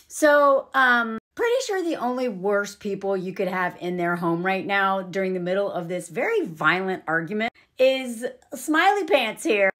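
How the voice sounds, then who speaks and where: A woman's voice: medium pitch, a bit bright. A young woman, chatting opinionatedly through a movie reaction. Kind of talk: casual movie commentary.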